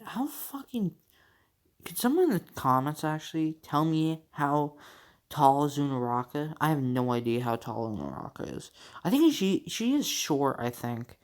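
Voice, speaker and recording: Slow, rambling young man telling a story. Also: a little high, big pitch swings. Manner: rambling, full of fillers and swearing, laughs at his own story. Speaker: channel host. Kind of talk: casual fan-fiction storytelling.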